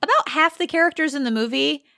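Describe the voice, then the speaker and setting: A woman co-hosting a casual book podcast, expressive and playful, jumping into exaggerated reactions. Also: fast, vocal fry, dry recording, studio quality. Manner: expressive, big swoops into high voices. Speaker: podcast co-host. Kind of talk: casual book-club chat.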